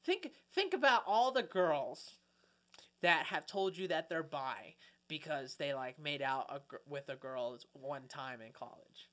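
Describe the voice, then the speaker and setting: A man co-hosting a podcast in casual comedic chat, animated and profane, rambling with many restarts. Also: fairly high pitch, unhurried. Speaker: podcast co-host.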